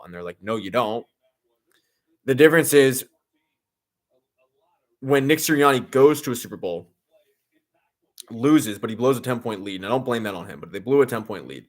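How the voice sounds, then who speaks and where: A young man giving casual, sarcastic, deadpan commentary during a live sports watch-along, rambling with lots of "like". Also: medium pitch, moderate pace.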